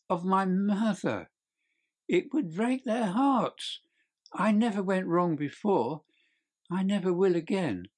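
A man voicing a panicked young male thief who pleads and confesses in a crackling voice in an audiobook reading. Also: a little mellow. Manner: shrill, pleading, desperate. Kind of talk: audiobook character voice.

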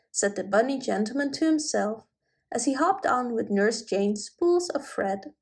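A woman with a slightly high voice reads a children's storybook aloud. Her telling is gentle and measured. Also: lively intonation. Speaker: narrator. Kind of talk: storybook reading.

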